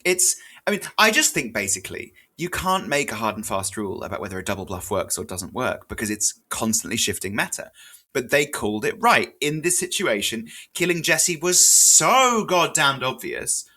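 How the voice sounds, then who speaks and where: Young male co-host, analytical and measured, with a bright, crisp tone. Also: lowish voice, very animated. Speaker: podcast co-host. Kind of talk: casual podcast chat.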